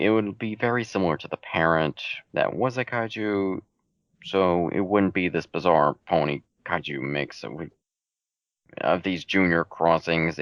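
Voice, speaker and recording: Deep gravelly man, laid-back. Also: no room sound. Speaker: fan fiction author answering reader questions. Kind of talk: casual Q&A chat. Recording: dull home mic recording.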